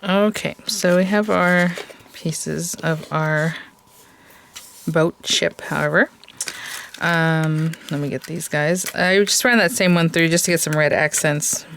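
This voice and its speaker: A woman's voice: low voice, steady tone, takes it slowly, vocal fry, a bit bright, a little hiss or hum. A woman hosting a casual crafting tutorial, chatting and thinking aloud with plenty of hesitant fillers.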